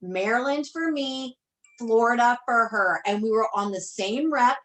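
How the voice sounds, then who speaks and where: A woman's voice: a little high, unhurried, a bit bright. An effusive woman coach speaking to her team on a motivational call. She gushes, circles back and repeats her points in a chatty way. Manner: effusive, gushing, repeats herself. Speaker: business coach.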